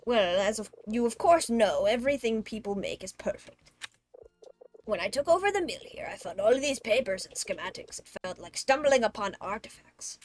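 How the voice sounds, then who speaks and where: A woman's voice: on the high side, animated, moderate pace, a little mellow, slight background noise, pitched above the performer's own voice, lightly acted. A woman voicing an eager elderly male mill keeper in a cozy video game, fussy and enthusiastic.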